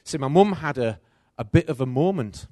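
A middle-aged man preaches a sermon and tells a personal story, swinging between loud and soft. His pitch rises and falls with lively movement. The recording sounds dry and close. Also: moderate pace, no echo.

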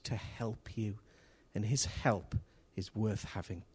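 A man preaching a sermon in a church, telling a story with energy, rising to excited shouts and dropping to near whispers. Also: lowish voice, slow, few pauses, slightly rough. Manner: swings from hushed to excited shouting; lively storyteller with local place names and slang.

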